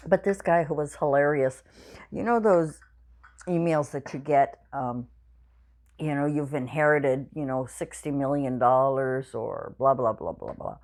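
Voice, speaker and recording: Low-voiced woman, 60s, home vlogger; tired, yawning, rambling chatty delivery. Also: unhurried, darkish tone. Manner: rambling, chatty storytelling with many fillers. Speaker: craft channel vlogger. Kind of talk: casual chat to viewers. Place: home craft room.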